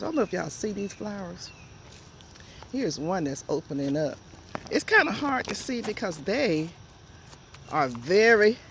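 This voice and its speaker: A woman's voice: fairly low pitch, a little hiss or hum. Chatty Southern woman touring her garden. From Georgia, USA. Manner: chatty, folksy, addresses viewers directly. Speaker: home gardener vlogger. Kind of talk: casual garden tour talking to viewers. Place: outdoor backyard garden.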